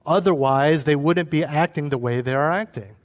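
A man delivers a sermon from the pulpit. His voice sits a little high for a man, and it rings out with the long reverb of a large church hall. Now and then he slips into the quoted voices of the people he is describing. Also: moderate pace. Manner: preaching, acts out quoted voices. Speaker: pastor.

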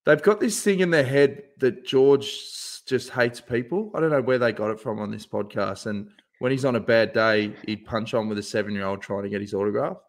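A man hosting a casual sports podcast. He talks in an easygoing, joking way, at an ordinary middle pitch. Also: brisk, hardly any pauses. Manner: laid-back, chatty, jokey. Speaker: podcast host. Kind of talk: casual chat.

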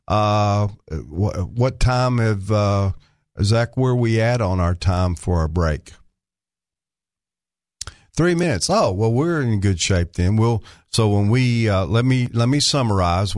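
A man's voice: on the low side, darkish tone, dry recording. An older man from Arkansas guest-hosting a talk radio show in a studio, rambling and folksy with many fillers. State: slightly out of breath.

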